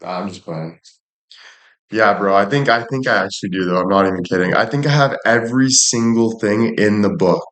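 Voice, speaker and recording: A man's voice: lowish voice, fairly quick, fairly bright tone. A man streaming live and chatting casually, joking around, cursing freely and thanking viewers by name. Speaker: livestreamer. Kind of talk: casual livestream chat. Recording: echoey room.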